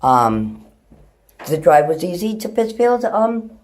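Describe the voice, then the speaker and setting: In a slow, sing-song voice on the low side with a darkish tone, a middle-aged woman vlogs from indoors at home. She holds the phone herself, rambling loosely to camera, swearing and chatting to her pets.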